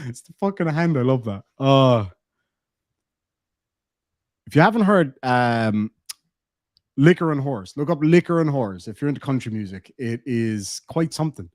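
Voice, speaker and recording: A man's voice: mid-range voice, animated, normal speed, darkish tone, no echo, studio quality. Profane Irish man chatting on stream. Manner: profane, laughing, quoting lines. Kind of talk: casual live-stream chat.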